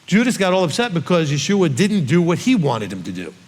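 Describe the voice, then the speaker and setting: Rabbi teaching in a reverberant hall. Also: male voice, on the high side, huge pitch swings, a little fast, a little mellow. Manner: conversational, asks listeners questions. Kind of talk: scripture reading and teaching.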